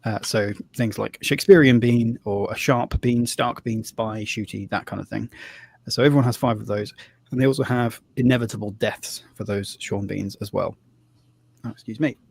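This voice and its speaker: A man's voice: lowish voice, steady tone, normal speed, vocal fry, a little mellow, breathy edge, no room sound. A man hosting a live tabletop game stream as game master, talking in a loose, chatty way with fillers and restarts.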